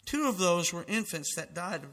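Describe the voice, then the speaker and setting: A man's voice: sits high, sing-song, moderate pace, fairly bright tone, big-room sound. A man preaching a fervent sermon, reading out dramatic quotations with emphasis.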